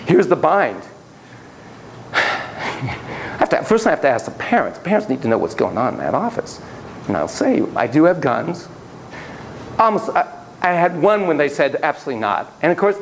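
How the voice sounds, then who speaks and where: Brief: animated male lecturer, lively and self-deprecating, slightly high voice, faint room noise. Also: low-quality recording. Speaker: lecturer on child psychotherapy. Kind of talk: classroom lecture with anecdotes.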